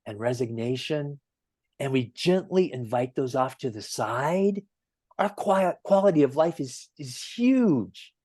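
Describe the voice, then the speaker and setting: A man giving a gentle, earnest sermon as a minister, telling stories at an easy pace with emphatic swells. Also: a little high, no echo, studio quality. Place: church sanctuary.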